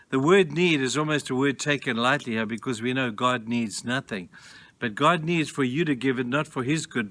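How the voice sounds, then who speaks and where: A man giving a short daily devotional talk as pastor, gentle, earnest and reflective, slowing down and softening on key phrases. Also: medium pitch, slight background noise.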